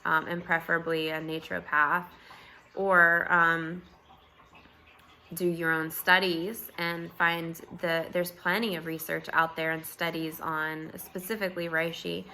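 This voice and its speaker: A woman vlogger with a scratchy, just-woken voice, chatting casually at home, relaxed and rambling with fillers and soft laughs. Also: lowish voice, unhurried. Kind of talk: casual morning chat to camera.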